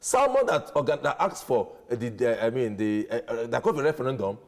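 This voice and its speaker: A man's voice: mid-range voice, big pitch swings, fairly quick, big-room sound. A man on a studio debate panel, arguing emphatically, repeating short denials and hunting for words.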